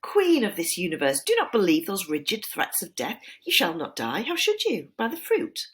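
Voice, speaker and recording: A woman voicing a sly, flattering male serpent tempter, wheedling and dropping into breathy whispers. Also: medium pitch, normal speed. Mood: persuasive. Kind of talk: dramatized reading of a poem.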